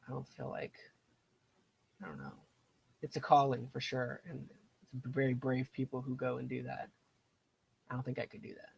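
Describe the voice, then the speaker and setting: A young man streams a strategy game, giving casual commentary in a mid-range, creaky, husky voice. He rambles and digresses into side stories, talking to himself about his moves. The recording is low quality.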